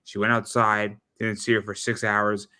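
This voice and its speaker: Chill guy on a podcast, lowish voice, kinda crisp and bright, keeps restarting his sentences. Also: level tone. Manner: halting, easygoing, restarts sentences. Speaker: podcast guest. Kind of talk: casual chat.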